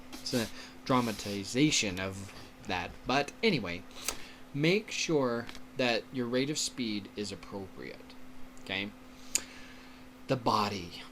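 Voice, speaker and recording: A man teaching a lesson on giving speeches, speaking at an unhurried pace in a bright voice. He keeps stopping to check in with his listeners and often laughs. Faint background noise sits under him. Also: mid-range voice. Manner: slow, explanatory, checks in with "okay?", laughs often. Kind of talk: lecture on public speaking.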